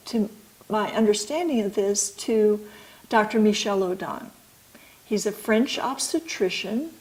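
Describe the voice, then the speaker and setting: A middle-aged woman, an author and midwife, explaining her ideas slowly and thoughtfully in an interview. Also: medium pitch, a little mellow, rough recording.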